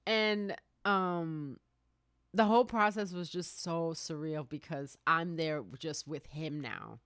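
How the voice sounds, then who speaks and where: A woman's voice: sits low, takes it slowly, a bit bright, clear, resonant tone, no echo, clean studio sound. A woman in her thirties, hosting a podcast, tells a story casually, laughing often, swearing freely and acting out other people's lines. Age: 30s. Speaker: podcast host. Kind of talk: casual anecdote telling.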